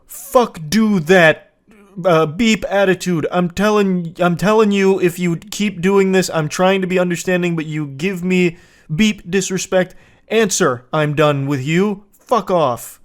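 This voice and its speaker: A man's voice: high-pitched, unhurried, pitched above the performer's own voice. A man putting on a mocking, exaggerated voice for an angry, controlling boyfriend.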